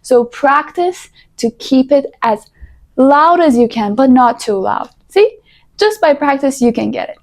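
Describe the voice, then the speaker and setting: High-voiced young woman giving chatty advice. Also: a little slow. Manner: animated, coaching, playful asides. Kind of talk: casual advice talk to camera.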